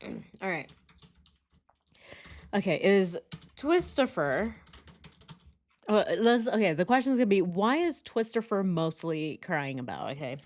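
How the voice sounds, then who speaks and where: A woman's voice: mid-range voice, very animated, a little slow, pauses often, a little mellow. A woman chatting casually and joking as she comments on a true crime video, laughing often.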